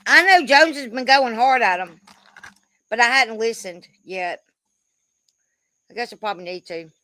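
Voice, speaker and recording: Woman, casual stream chatter, higher pitch, dry close sound, loose and talkative. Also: unhurried, sharp tone, no echo. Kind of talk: casual livestream chat.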